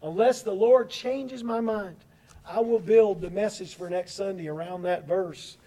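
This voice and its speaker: A man preaching a Sunday sermon as pastor of his church, earnest and emphatic, slowing down to stress key words. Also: sits high, mellow, low-quality recording. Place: church sanctuary.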